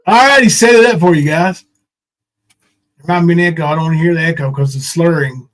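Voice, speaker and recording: High-voiced mocking livestream host. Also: male voice, a little fast, fairly bright tone. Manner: mocking, profane, taunting. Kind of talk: casual livestream chat.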